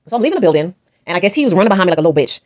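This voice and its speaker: A woman's voice: lowish voice, very animated, rapid-fire, darkish tone. A woman telling a storytime vlog in a blunt, emphatic, profane way. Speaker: vlogger.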